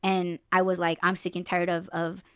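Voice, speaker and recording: A woman's voice: on the low side, moderate pace, smooth, no echo, clean studio sound. A woman hosting a podcast, telling a story in blunt, profane casual chat. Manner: blunt, profane, animated storytelling with mock voices. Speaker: podcast host.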